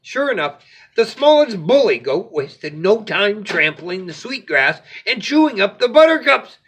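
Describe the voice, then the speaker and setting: A man hosting a bedtime story show, reading a children's story in a playful, animated way. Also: high-pitched, measured pace, slight background noise.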